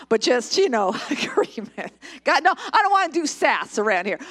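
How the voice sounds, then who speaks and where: A woman's voice: a little high, very animated, moderate pace, fairly bright tone. A woman pastor preaching a live sermon in a church service, emphatic and joking, calling for responses from the congregation.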